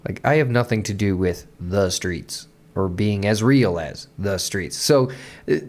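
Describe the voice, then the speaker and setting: Casual, profane male podcast host. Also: on the low side. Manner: loose and profane, quick laughs, many restarts. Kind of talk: casual music commentary.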